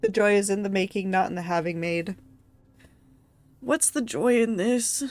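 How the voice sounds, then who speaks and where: A woman's voice: mid-range voice, normal speed, darkish tone. Emotional woman streamer talking to chat. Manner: emotional, tearful and laughing, talks to chat. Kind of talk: casual live-stream commentary.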